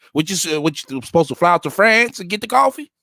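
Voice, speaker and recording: A man riffs on a clip with mocking, profane sarcasm. His voice sits fairly high for a man. The sound is dry and close, with no room behind it. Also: very animated, brisk, creaky, sharp tone, no echo. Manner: sarcastic, mocking, heavy swearing. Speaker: reaction commentator. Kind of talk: profane reaction commentary.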